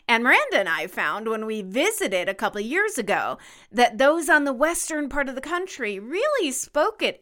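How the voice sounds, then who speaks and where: A woman's voice: fairly high pitch, sharp tone. A woman co-hosting a podcast, chatting casually in a playful, emphatic way. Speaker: podcast co-host.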